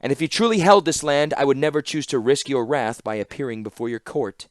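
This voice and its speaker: A man voicing a proud, cunning woman artificer who speaks in formal, flattering address. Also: medium pitch, fairly quick, no room sound, clean studio sound, voice pushed up, lightly acted.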